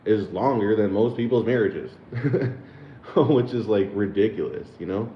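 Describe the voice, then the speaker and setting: A man in his thirties from the United States rambles through a casual chat with his viewers, swearing freely and laughing often. His voice sits fairly low. The sound is roomy and a little dull, with a faint background hiss. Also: expressive, measured pace. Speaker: channel host.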